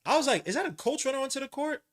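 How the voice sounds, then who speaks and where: A man, hosting a podcast and giving live, slangy commentary while watching a basketball game, getting loud at big plays. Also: very high voice, expressive, very fast. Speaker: podcast host.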